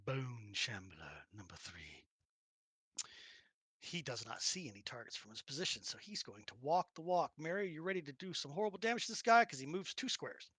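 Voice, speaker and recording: A man running a tabletop game session, his voice bright and slightly raised in pitch. He narrates with animated energy and mouths playful sound effects. The sound is dry and close. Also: fast talker, few pauses, no room sound. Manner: animated, laughs often, acts out sounds. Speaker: game master.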